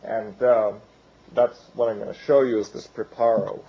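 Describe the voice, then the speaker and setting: A man losing his voice, giving an academic lecture in a halting way with many fillers and restarts. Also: lowish voice, fairly even intonation, gravelly, highs cut off.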